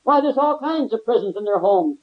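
A man's voice: high voice, animated, a little fast. A man, a former convict, giving a fervent religious testimony with emphatic, repetitive exclamations of praise. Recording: dull lo-fi tape recording.

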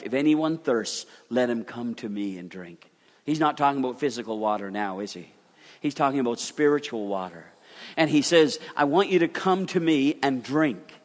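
Preacher man in a reverberant hall. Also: on the high side. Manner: emphatic, swings between soft drawn-out lines and loud ones. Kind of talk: sermon.

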